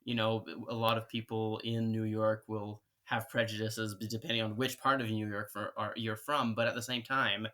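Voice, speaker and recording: A man in a casual podcast discussion, his lowish voice bright and forward as he works through long explanations. He often stops and restarts his phrases. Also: level tone, normal speed, hardly any pauses. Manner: explains at length with many restarts. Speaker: podcast co-host.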